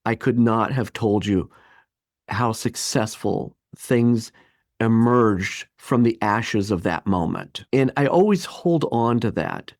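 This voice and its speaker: A man in his fifties telling a personal story as a podcast guest, lively and acting out the voices of people he quotes. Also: lowish voice, takes it slowly, dry recording, clean studio sound. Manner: animated, acts out quoted voices. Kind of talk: storytelling interview.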